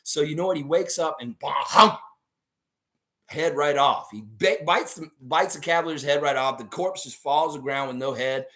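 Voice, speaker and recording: A young man hosting a live stream in a loose, rambling way. His voice is hoarse, sitting somewhat high. He jumps animatedly between stories and chat with viewers. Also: normal speed, fairly bright tone.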